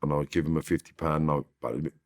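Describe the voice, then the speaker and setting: Very deep-voiced man telling stories. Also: fairly even intonation, fast talker. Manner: blunt, swears freely, slangy. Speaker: interview guest. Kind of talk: casual storytelling.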